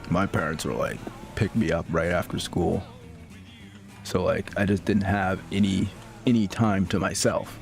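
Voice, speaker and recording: A man's voice: low-pitched, measured pace, creaky, soft background music. A man streaming a game and telling stories in a loose, rambling way, full of filler words and laughs. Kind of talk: casual storytelling chat.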